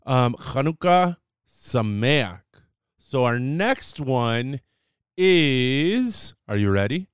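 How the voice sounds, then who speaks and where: This casual podcast lesson features a male host teaching some Hebrew words, playful and chatty, with fillers and self-corrections. His mid-range voice is animated and smooth yet extremely slow, recorded dry with clean studio sound.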